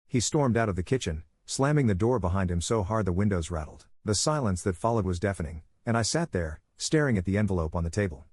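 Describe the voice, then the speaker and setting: A man giving a measured, scripted first-person story narration. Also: lowish voice, darkish tone, slightly rough, no room sound, studio quality.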